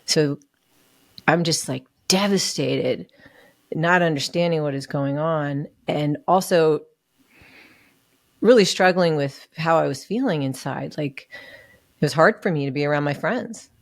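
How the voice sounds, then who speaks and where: A woman with a low voice speaks unhurriedly with long pauses, in a dry, studio-quality recording. As a podcast guest she shares a hard personal story candidly, earnest and emotional, acting out what others said.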